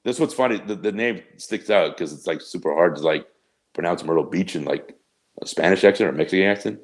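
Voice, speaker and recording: Very deep-voiced laid-back man. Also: brisk. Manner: laid-back, explaining, swears casually. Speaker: podcast co-host. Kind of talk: casual chat.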